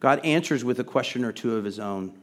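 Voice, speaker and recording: A man's voice: medium pitch, quick pace. A middle-aged man preaching a sermon in a conversational way, building to emphatic, rising questions. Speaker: pastor.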